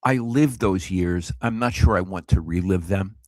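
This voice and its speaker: A man in his eighties co-hosting a casual sports talk show, blunt and animated, swearing freely. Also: sits low, normal speed, dry recording. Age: 80s. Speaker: co-host, veteran sportswriter.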